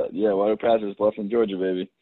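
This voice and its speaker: A man's voice: on the low side, moderate pace, husky, no room sound. Easygoing man on a tinny line. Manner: laid-back, many "like"s, acts out quoted friends. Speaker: podcast guest. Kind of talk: casual podcast chat. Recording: phone-like remote call audio.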